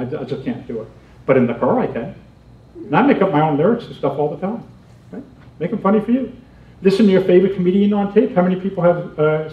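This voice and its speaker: Chatty man joking in an echoey room. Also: a little high. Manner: animated, chatty, laughs often, acts out little scenes. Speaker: comedy seminar speaker. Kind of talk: humorous seminar talk to a live audience. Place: seminar room. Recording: roomy, muffled, distant hall recording.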